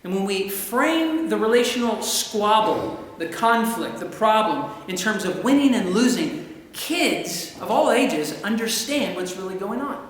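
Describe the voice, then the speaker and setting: Man, school assembly speaker, high and bouncy, booming chapel reverb, room noise. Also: a little slow. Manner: animated, acts out voices, laughs often. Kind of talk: energetic school assembly talk. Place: large school chapel hall. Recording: echoey hall, noisy room.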